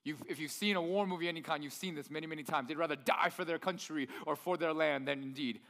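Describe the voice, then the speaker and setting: A man's voice: fairly high pitch, fast, creaky, a bit bright. A man preaching a sermon in a church hall, talking in an enthusiastic, nerdy, conversational way. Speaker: pastor.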